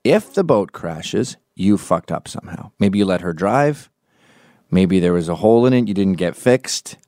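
Lower-voiced man in his forties, ranting. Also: expressive, normal speed, warm tone, dry recording, studio quality. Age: 40s. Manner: profane, ranting, opinionated; acts out quoted voices mid-story. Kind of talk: comedic podcast monologue.

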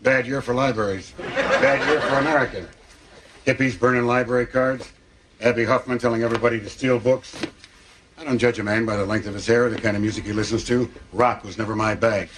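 An actor playing a stern older library cop who lectures in a gruff, deadpan way, heard through a noisy clip from a TV show. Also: male voice, mid-range voice, fairly quick, natural voice.

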